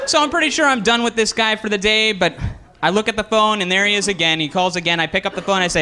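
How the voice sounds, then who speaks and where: A man doing a stand-up comedy routine, telling a story in a halting way with frequent "uh"s. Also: high voice, animated, bright, forceful tone, slight background noise. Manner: halting, restarts with filler "uh". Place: comedy stage with live audience.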